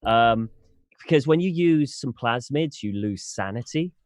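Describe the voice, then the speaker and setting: A man's voice: medium pitch, lively intonation, a little slow, no echo, studio quality. A tired man, a tabletop game player chatting casually and rambling a little. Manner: self-deprecating, rambling with restarts.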